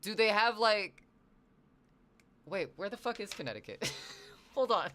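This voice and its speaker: Animated streamer from the Northwest. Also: mid-range voice, unhurried. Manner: animated, swears freely, self-deprecating. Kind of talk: casual live-stream chat with viewers.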